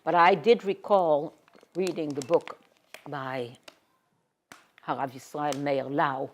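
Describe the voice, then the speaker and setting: Slow, low-voiced woman teaching Torah. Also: fairly even intonation, slight background noise. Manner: reads Hebrew verses, then translates them; drops to a hushed whisper on emotional words. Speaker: Torah lecturer. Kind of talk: expressive Bible lecture.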